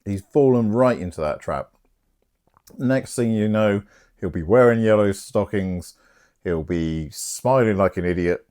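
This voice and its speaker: A man's voice: fairly low pitch, unhurried, a little mellow. A man casually retelling a play's plot in a cheeky, chatty way. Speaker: host.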